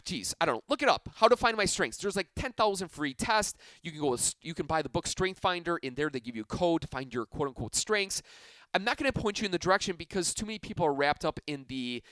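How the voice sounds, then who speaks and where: A man's voice: high voice, no echo. A man hosting a self-help podcast, talking energetically and casually, stretching key phrases for emphasis. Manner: energetic, enthusiastic, conversational. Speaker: podcast host.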